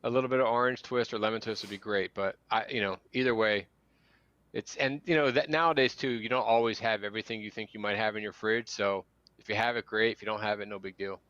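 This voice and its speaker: Easygoing Philly-accented man, smooth low voice. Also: steady tone, quick pace, fairly bright tone, no room sound, lo-fi sound. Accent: Philadelphia. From Philadelphia area. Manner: rambling, easygoing, storytelling. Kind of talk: casual chat over drinks.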